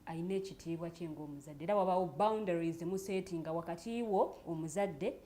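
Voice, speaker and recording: A woman's voice: fairly low pitch, quick pace, dark tone. A woman with a Ugandan accent co-hosting a casual panel chat. She lays out her views reflectively and at length, mostly in Luganda with some English. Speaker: co-host.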